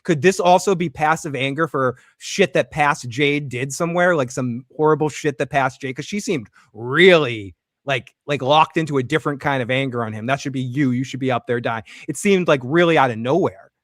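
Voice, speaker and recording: A man's voice: mid-range voice, normal speed, no echo, clean studio sound. A man hosting a casual recap show, acting out characters' lines as he retells scenes. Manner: animated, acts out characters' lines while recapping. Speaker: podcast host.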